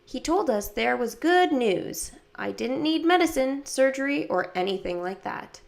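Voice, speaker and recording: Gravelly woman reading a children's audiobook. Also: a little slow. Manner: lively, voices other characters with raised pitch. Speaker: audiobook reader. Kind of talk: first-person audiobook narration.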